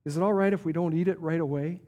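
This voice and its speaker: A man voicing a weary middle-aged woman, hurt but gentle, who speaks in a hesitant, pleading way. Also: high voice, a little fast. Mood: soft hesitant.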